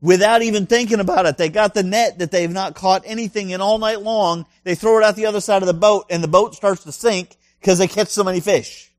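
A man's voice: high voice, fairly even intonation, a little fast, few pauses, dry recording, clean studio sound. A male pastor preaching a sermon in an emphatic way, full of rhetorical questions and punchy asides.

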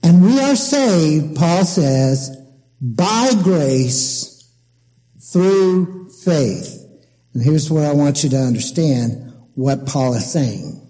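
A man preaching a sermon as pastor, emphatic and deliberate as he explains scripture. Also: on the high side, lively intonation, warm tone, in a large hall, poor audio.

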